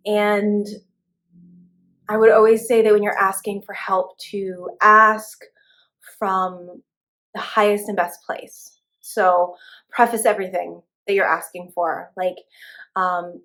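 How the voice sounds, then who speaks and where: A young woman leads a spiritual class in a loose, conversational way. She talks casually, with plenty of fillers and restarts. Her pitch sits in an ordinary middle range. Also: unhurried. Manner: relaxed, chatty, many fillers and restarts. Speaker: spiritual teacher.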